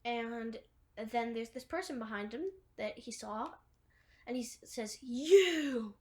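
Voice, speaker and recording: A woman's voice: fairly high pitch, a little slow. A woman retelling a film scene by scene in a rambling, casual way, full of "like" and restarts. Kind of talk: casual movie recap.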